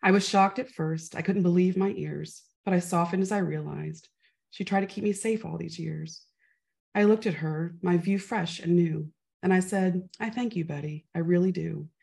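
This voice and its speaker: A woman reciting her own spoken-word poem with a rhythmic, measured delivery. Her voice sits low and carries a gravelly texture. She lets the lines fall softly and expressively. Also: steady tone. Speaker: poet. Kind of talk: spoken-word poetry reading.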